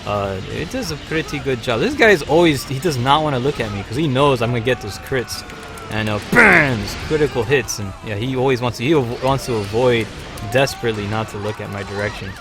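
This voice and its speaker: Upbeat male streamer, loose talky game commentary, soft music bed. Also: medium pitch, expressive, fairly quick. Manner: chatty, upbeat, frequent fillers. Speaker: livestream host. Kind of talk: live gameplay commentary.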